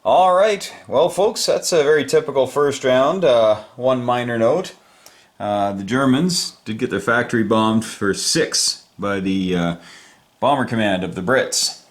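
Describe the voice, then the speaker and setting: A man with a mid-range, unhurried voice hosts and narrates a board game. He stays upbeat and chatty as he hands the turn to each player.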